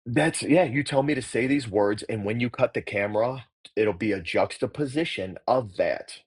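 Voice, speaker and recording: A middle-aged actor and acting coach talking bluntly and profanely in a casual interview. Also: male voice, mid-range voice, moderate pace, breathy edge.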